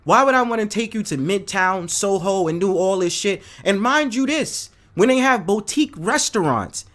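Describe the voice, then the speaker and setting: Animated New man ranting. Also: high-pitched, normal speed. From New York City. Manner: animated, profane, addresses chat viewers by name. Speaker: host. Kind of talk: casual live-stream rant.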